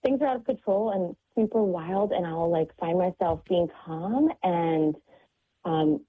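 A woman talks as a parent guest on a faith-based radio show. Her voice is somewhat low and husky. She sounds earnest and reflective. The sound comes through a tinny telephone line. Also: animated, a little slow. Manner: earnest, reflective, many fillers. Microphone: phone call.

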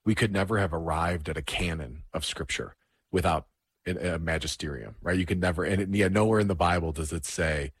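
A man's voice: low voice, a little fast, slightly rough, no echo. A man hosting a casual interview, asking thoughtful questions and affirming his guest. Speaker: host.

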